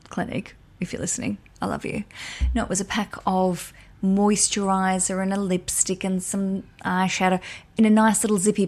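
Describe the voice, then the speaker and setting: Aussie lady podcasting solo, chatty and ranty, mid-pitch voice. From Australia. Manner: chatty, animated, gets worked up and ranty. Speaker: podcast host. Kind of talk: casual solo podcast talk.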